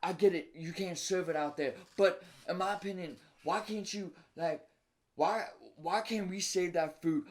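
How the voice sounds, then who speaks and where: A man's voice: high-pitched, normal speed. A man who works as a cook, a podcast guest, ranting indignantly and swearing in casual talk. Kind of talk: casual conversation.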